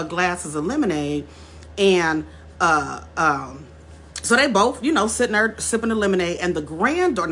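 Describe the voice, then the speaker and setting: A woman vlogging in a chatty, direct way, calling her viewers y'all and circling back over her words. Her voice is bright with a husky edge. She builds her points with emphasis. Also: mid-range voice. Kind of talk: casual direct-to-camera storytelling.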